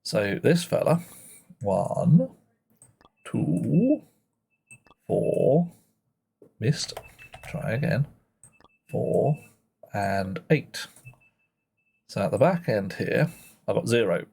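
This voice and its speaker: A man's voice: mid-range voice, sing-song, very slow, gravelly, pauses often, mellow, breathy edge. A man streaming a puzzle game live, thinking aloud in a playful way and muttering to himself as he works.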